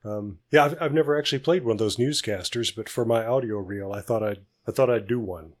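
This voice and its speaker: A man's voice: on the low side, a little fast. A man co-hosting a podcast, chatting casually in a friendly, wry way. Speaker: podcast co-host.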